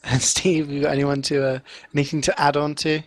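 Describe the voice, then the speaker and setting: A man's voice: on the high side, level tone, brisk. A man casting a game, chatting casually and laughing easily over online voice chat. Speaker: caster. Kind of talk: casual post-match chat.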